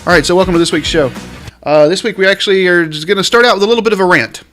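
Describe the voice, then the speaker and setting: A man's voice: high voice, over music. A man hosting a real estate podcast, ranting in an exasperated, emphatic way and drawing out the words he wants to stress. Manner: lively, drawn-out stresses on key words. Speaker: realtor and podcast host. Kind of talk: podcast rant.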